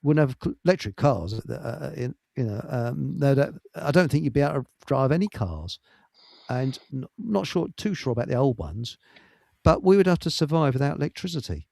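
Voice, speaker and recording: A man hosting a loose talk show, rambling and cracking jokes at his own expense. His voice is gravelly and swings widely in pitch. The sound is dry and close. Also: sing-song, brisk, a little mellow, dry recording. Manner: jokey, rambling, self-deprecating. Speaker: host. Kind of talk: casual chat.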